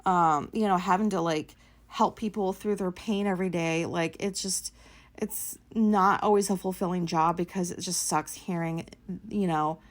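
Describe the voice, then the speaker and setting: A woman's voice: lowish voice, steady tone, moderate pace. A woman, likely, hosting her own show and telling a personal story in a blunt, profane, filler-heavy way. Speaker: podcast host.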